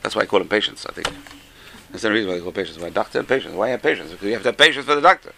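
A man's voice: on the low side, lively intonation, very fast, vocal fry, bright, forceful tone, a little hiss or hum, low-quality recording. A man, teaching a Torah class, who repeats key phrases for emphasis and tells jokes along the way. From England.

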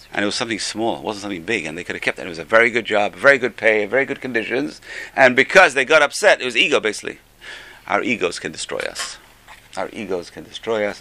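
An older man giving an informal Musar class, conversational, repeating key phrases and getting louder for emphasis. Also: on the low side, vocal fry, a little hiss or hum. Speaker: Torah teacher.

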